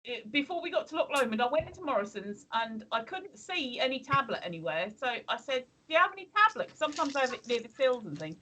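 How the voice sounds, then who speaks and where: A woman's voice: fairly high pitch, lively intonation, quick pace, few pauses, a crowd in the background, poor audio. An English woman in casual chat on a live stream, rambling and hesitant with many ums. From England. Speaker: stream co-host.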